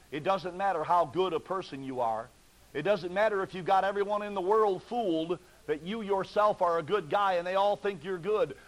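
A man's voice: sits high, poor audio. A man preaching a fervent sermon from the pulpit, pleading with his listeners through repeated rhetorical questions.

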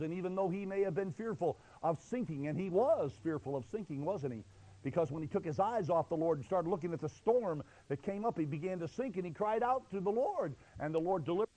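A man's voice: on the high side, warm tone, low-quality recording. A male preacher delivering an impassioned, emphatic sermon.

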